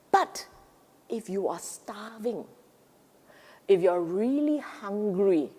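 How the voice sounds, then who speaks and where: A woman's voice: medium pitch, mellow, big-room sound. A woman teaching Dharma in an emphatic way, often repeating and rephrasing herself and acting out the inner voices of the mind. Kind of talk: Buddhist Dharma talk.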